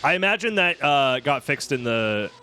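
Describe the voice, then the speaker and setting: A man's voice: mid-range voice, big pitch swings, normal speed, sharp tone. An American man commentating a live-stream game run, joking and sarcastic as he chats with viewers. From United States.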